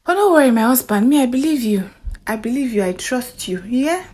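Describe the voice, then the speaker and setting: A Nigerian woman voicing a calm wife who speaks softly and reassuringly. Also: medium pitch, quick pace, natural voice. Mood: soothing. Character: calm, soothing young wife.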